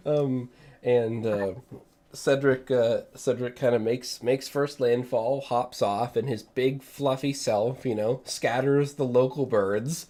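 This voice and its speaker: A man's voice: mid-range voice, steady tone, slow pace, dark tone. A man narrating a tabletop game as game master, hesitant and full of ums. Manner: hesitant, many ums and uhs.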